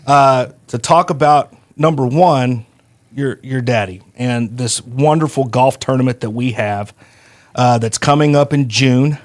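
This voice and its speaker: A man hosting a podcast, telling stories in a folksy, animated way. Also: medium pitch, unhurried. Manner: folksy, animated, acts out quoted voices. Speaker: podcast host. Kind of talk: casual storytelling chat.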